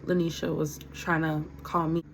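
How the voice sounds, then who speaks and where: A young woman vlogger telling a workplace story in a casual, animated, slangy way with a lot of laughing. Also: low-pitched, moderate pace, creaky, a little hiss or hum, poor audio.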